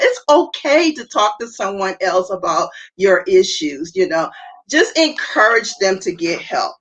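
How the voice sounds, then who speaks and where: A woman's voice: medium pitch, big pitch swings, measured pace, a bit bright, low-quality recording. A woman speaking as a panel guest over a video call. She talks earnestly, repeats her key phrases and restarts often. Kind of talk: earnest advice talk.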